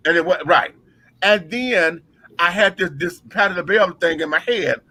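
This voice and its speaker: Loud sassy guy spilling backstage drama, bright tense voice, cussing a lot. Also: sits high, normal speed, no echo, poor audio. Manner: brash, profane, dramatic storyteller. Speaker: drag performer telling a story. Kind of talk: casual storytelling chat.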